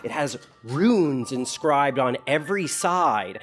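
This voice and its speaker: A man narrating as game master in a playful, animated way. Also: fairly high pitch, unhurried, few pauses, faint music behind.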